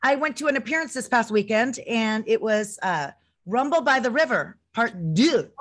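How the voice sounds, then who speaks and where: A woman co-hosting a casual chat, excitable and acting out what people said. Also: fairly high pitch, normal speed. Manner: chatty, excitable, acts out quotes. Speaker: co-host.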